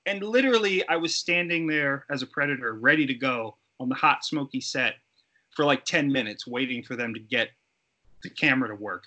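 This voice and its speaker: Bright-voiced man telling set stories. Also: mid-range voice, fairly quick. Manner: animated, acts out quoted voices. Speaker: guest actor and effects artist. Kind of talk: casual interview storytelling.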